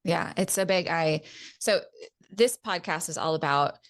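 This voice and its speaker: A woman hosting a podcast as a relationship coach, speaking in an earnest, measured way and often affirming her guest. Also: lowish voice. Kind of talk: casual podcast conversation.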